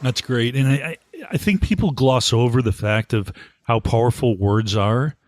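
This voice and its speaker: A man's voice: mid-range voice, normal speed, a little mellow, dry recording, clean studio sound. Affirming male podcast host. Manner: affirming, agrees often with short replies. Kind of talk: casual interview chat.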